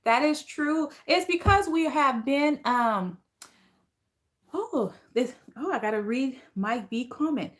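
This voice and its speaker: A woman's voice: sits high, expressive, slow. A woman with a Liberian accent chatting casually on a livestream, reading viewer comments aloud and responding to them. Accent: Liberian English.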